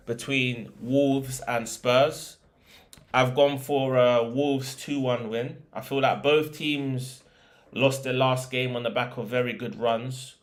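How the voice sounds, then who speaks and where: A man's voice: mid-range voice, fairly bright tone. A young man hosting a football podcast, chatting casually about results and predictions with slang and filler words.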